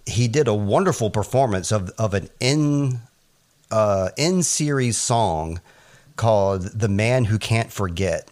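A man with a somewhat low voice hosts a casual TV recap podcast. He talks in a chatty, animated way and drifts into asides. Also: slow pace. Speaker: podcast co-host.

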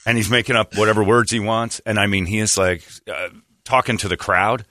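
Bright-voiced low male radio host. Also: fairly quick, no room sound, studio quality. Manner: animated storyteller, acts out quoted voices. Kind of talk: casual storytelling chat.

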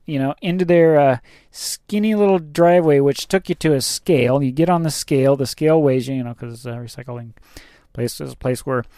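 A man's voice: fairly high pitch, a little mellow, no echo, clean studio sound. A man who drives a truck, telling a rambling, casual story about his workday, with fillers and some swearing.

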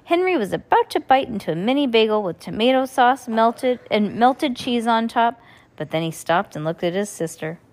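A woman hosting a podcast, reading a children's storybook aloud with animated storytelling. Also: a little high, moderate pace. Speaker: podcast host.

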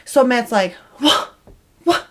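A woman in her thirties, a podcast co-host, telling a family story in a lively, laughing way. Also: slow. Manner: animated, laughing, voice jumps high when excited. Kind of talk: casual storytelling chat.

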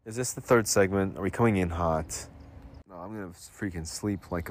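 A man hosting a solo podcast, rambling sarcastically about his day, clearing his throat and coughing now and then as he comes down with a cold. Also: sits low. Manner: sarcastic, self-mocking, puts on quick voices for quotes. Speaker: podcast host.

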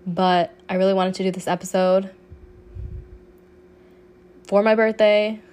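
A woman's voice: medium pitch, flat delivery, unhurried, a little mellow. A woman in her late twenties hosting a solo podcast, sick with a cough, talking casually and heartfelt, peppered with swearing and "like". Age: 20s. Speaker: podcast host.

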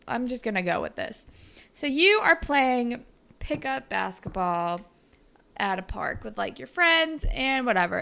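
Casual young woman with a gravelly edge. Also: on the high side, a bit bright. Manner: rambling storyteller, full of "like". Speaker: podcast co-host. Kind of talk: casual chat.

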